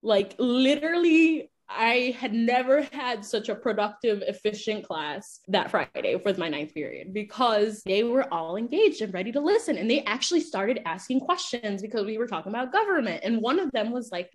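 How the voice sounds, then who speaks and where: A woman's voice: fairly high pitch, moderate pace, hardly any pauses. A woman, a teacher and podcast co-host, telling classroom stories in casual chat, full of fillers like "like" and "right?". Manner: lively storyteller, acts out classroom dialogue.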